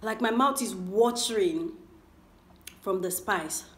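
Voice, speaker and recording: A woman's voice: medium pitch, slow, reverberant, a little hiss or hum. A woman in her twenties telling a rambling, chatty story while eating on a casual mukbang vlog. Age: 20s. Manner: rambling, chatty, full of fillers. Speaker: vlogger.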